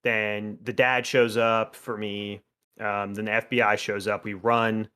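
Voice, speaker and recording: A man's voice: lowish voice, little pitch movement, measured pace, bright, forceful tone, smooth. A young man co-hosting a podcast, recounting events in a plain, matter-of-fact way. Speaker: podcast co-host. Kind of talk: casual chat.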